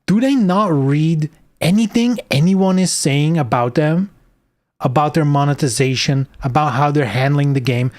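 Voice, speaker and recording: A man's voice: on the high side, moderate pace, a little mellow. A man streaming live, reading game news aloud and ranting about it sarcastically, swearing often.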